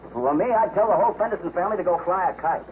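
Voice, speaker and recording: A man's voice: high voice, very fast, phone-quality sound, natural voice. An actor playing a wisecracking shipmate who ribs his friend, in 1940s film acting. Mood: teasing. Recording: scratchy old film soundtrack.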